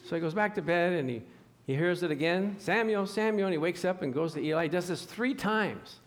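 Animated preacher man teaching a sermon. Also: a little high, a little fast. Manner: animated, acts out scripture scenes.

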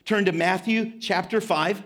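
A pastor in his thirties delivers a sermon with a high-pitched voice. He tells stories in an animated, self-deprecating way before turning to scripture. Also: measured pace.

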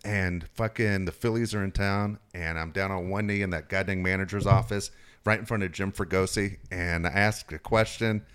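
A man's voice: low-pitched, moderate pace, clean tone. A middle-aged man telling stories in a casual, profane chat, acting out what people said. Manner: profane, animated, acts out quotes. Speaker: sports reporter guest.

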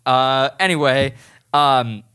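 A young man co-hosting a casual podcast, telling a story in an animated, laughing way. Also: mid-range voice, slow, smooth. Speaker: podcast co-host. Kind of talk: casual chat.

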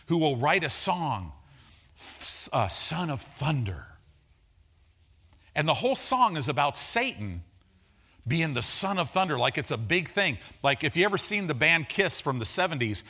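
An older male preacher in his sixties delivers a sermon with a keen, bright tone. His pitch rises and falls freely as he drives his points home. He is conversational and emphatic, slipping easily into stories. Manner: animated storytelling, emphatic and conversational.

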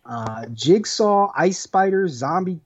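Excitable higher-voiced man, lo-fi. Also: slow, crowd noise. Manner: excitable, laughs a lot, swears. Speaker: podcast co-host. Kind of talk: casual chat.

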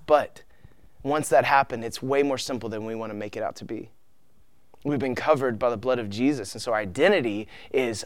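A man in his thirties preaching a sermon, earnest and emotional, tearful at times, with soft trailing asides. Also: mid-range voice, no echo. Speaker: pastor.

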